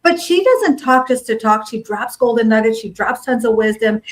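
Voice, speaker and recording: A woman's voice: on the high side, expressive, normal speed, low-quality recording. A woman hosting a live talk show, welcoming guests and praising them effusively. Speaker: host.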